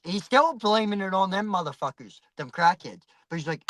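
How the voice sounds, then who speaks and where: A man's voice: sits high, moderate pace, dry recording, rough recording. Swearing man telling a rowdy story. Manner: animated, heavy swearing, quoted voices. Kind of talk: casual profane storytelling.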